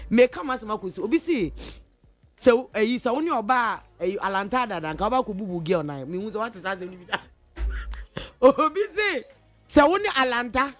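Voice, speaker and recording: A woman radio host with a Ghanaian accent, chatting casually and playfully mimicking her friends' voices. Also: a little high. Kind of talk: casual radio talk mixing English and Twi. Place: radio studio.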